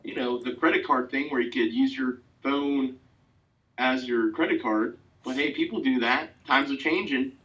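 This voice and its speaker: A man's voice: mid-range voice, normal speed, fairly bright tone. Easygoing male co-host in casual chat, sitting back from a dull, muffled mic. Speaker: podcast co-host. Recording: dull, distant mic sound.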